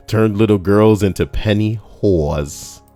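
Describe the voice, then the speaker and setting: Deep-voiced crude comedic man. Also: extremely slow, dark tone, faint music behind. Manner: crude, profane, jokey asides. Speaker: YouTube narrator reading forum posts. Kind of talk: comedic reading with riffing commentary.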